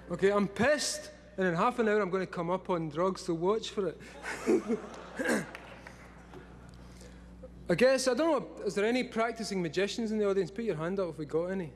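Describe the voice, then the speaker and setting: Excitable profane Scottish man in his forties. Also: sits high, moderate pace, long pauses, a little hiss or hum. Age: 40s. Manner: profane, laughing often, excitable. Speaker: speaker at a live event. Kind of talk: rambling talk to a live audience.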